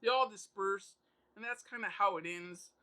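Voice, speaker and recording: Bright, high-voiced man reviewing comics. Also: moderate pace, rough recording. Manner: loose and conversational, full of "kinda" and "you know". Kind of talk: casual spoken review.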